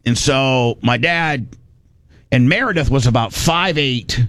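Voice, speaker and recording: A man's voice: medium pitch, slow, a bit bright, no room sound. A middle-aged man from Indiana telling a long casual story, rambling with many restarts and salty words.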